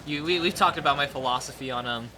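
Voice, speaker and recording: A man commentating a live fighting-game match, jokey and excitable, breaking into loud yells at big plays. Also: a little high, quick pace, over music, rough recording. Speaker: esports commentator.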